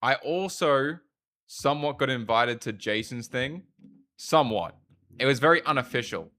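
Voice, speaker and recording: A man's voice: medium pitch, expressive, bright, forceful tone. A man with an Australian accent chatting casually as a livestreamer, rambling and swearing freely. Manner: rambling, profane, quick asides. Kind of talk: casual stream chat.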